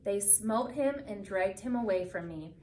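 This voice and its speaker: A woman reading a picture book aloud with expressive storytelling, slowing down for the solemn moments. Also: mid-range voice, slight background noise. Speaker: reader. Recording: echoey room from a distance.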